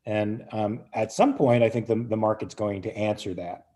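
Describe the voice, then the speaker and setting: A man speaking as a guest on a casual panel show, measured and thoughtful. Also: on the low side, steady tone, mellow.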